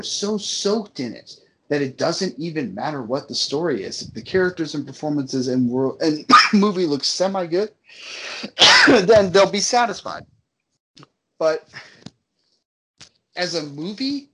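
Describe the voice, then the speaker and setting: A man's voice: fairly high pitch, bright, forceful tone. Profane, fired-up man ranting about a movie. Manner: emphatic, profane, repeats for emphasis. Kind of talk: casual movie-review rant.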